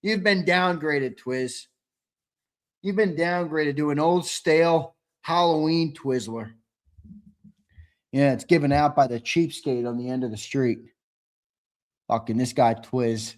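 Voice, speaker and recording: Loudmouth sports show guy, swears a lot, roasts his buddies, voice sits a bit high. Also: takes it slowly, pauses often. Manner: brash, profane, mocking; loud and animated when ranting. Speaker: sports talk show co-host. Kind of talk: live sports talk stream.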